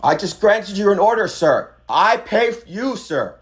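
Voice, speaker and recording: A man with a high, sing-song voice speaks a little slowly over speakerphone in a heated argument. He keeps pressing his point, repeating himself and talking over the person on the other end.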